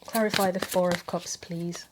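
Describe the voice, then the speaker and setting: Lady doing a tarot reading, kinda low voice, lots of pauses, earnest and kind. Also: steady tone, noisy background. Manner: thinking aloud, hesitant with frequent pauses; earnest and gently sympathetic. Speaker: tarot reader. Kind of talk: casual tarot reading to camera.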